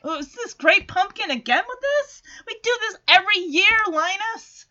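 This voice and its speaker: Woman putting on a bossy little cartoon girl, scolding, high bright voice, lively, lo-fi sound. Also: moderate pace, heavily acted.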